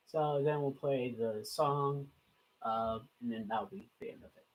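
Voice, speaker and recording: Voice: mid-range voice, steady tone, unhurried, a little mellow, rough recording. A YouTuber giving loose, chatty reaction commentary with plenty of fillers.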